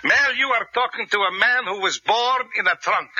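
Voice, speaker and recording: An actor playing a boastful, joking male piano teacher in a radio comedy, delivering punchlines slowly. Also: high voice, sharp tone, husky, heavily acted. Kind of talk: 1940s radio comedy acting. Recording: muffled old radio recording with hiss.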